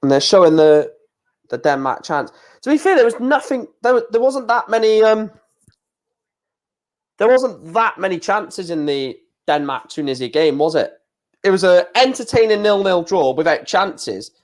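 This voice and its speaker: A man chatting through a live football watchalong stream. He talks casually with frequent laughs and the odd swear word, in a fairly high voice. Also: very animated, moderate pace.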